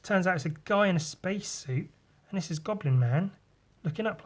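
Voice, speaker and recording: A podcast host speaks in a high, expressive voice at a moderate pace. He casually walks through his comic pages, rambling loosely, swearing freely, and imitating sound effects.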